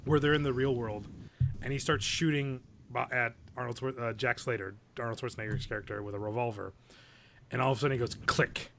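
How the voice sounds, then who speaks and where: A man with a gravelly, creaky voice chats casually on a podcast, full of enthusiasm and quick laughs. His pitch sits in an ordinary middle range, with a faint hiss of noise behind him. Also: steady tone. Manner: enthusiastic, laughs while retelling movie scenes. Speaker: podcast co-host.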